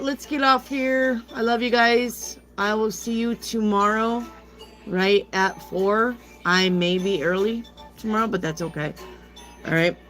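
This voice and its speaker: A woman's voice: medium pitch, fairly bright tone. An older woman hosting a tarot livestream, chatting casually and affectionately, greeting viewers by name.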